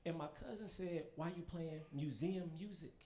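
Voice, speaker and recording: A young man performing a stand-up comedy set, telling profane, animated stories with quick asides to the audience. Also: a little high, background noise. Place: comedy stage in front of a live audience.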